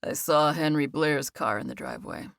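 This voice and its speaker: A woman's voice: deep voice, moderate pace, gravelly, a bit bright, dry recording, studio quality, voice pushed down. A woman narrator voicing a jealous, clingy young man who speaks in an insistent, warning tone. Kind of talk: audiobook character voice.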